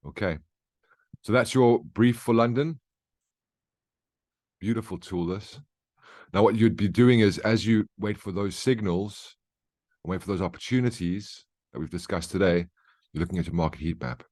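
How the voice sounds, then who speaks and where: A trading educator with a notably low, darkish voice walks through his trades over charts in a chatty market briefing. He explains each step in an easygoing, conversational way at a moderate pace, pausing often and checking in with short questions. The recording is dry and close, with almost no room sound and no echo.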